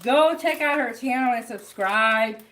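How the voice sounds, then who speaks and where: A woman's voice: a little high, measured pace, fairly bright tone. A woman hosting a live home cooking show, chatting casually to her viewers from her kitchen. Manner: chatty, talks straight to viewers.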